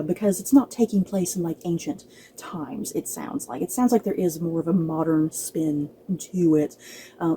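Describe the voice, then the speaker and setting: Breathless, chatty woman with a mellow voice. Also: low voice, a little hiss or hum, rough recording. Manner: chatty, laughing, stumbling restarts. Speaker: book vlogger. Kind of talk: casual chat to camera.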